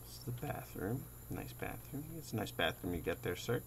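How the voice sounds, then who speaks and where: Creaky low-voiced man, jumpy and swearing. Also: animated, fairly quick, heavy background noise. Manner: jumpy, swears a lot, often drops to a scared whisper. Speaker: gamer playing a horror game. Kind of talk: let's play commentary.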